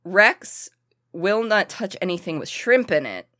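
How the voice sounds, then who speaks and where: A woman's voice: medium pitch, big pitch swings, a little slow, a bit bright, dry recording, clean studio sound. A woman in casual podcast chat, blunt and chatty, swearing casually.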